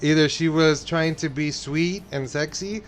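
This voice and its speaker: Casting: easygoing male podcast co-host from El Paso, slightly high voice, rambling chat, faint music underneath. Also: a little slow. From El Paso, Texas. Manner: rambling, frequent restarts, quotes voices playfully. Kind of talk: casual chat.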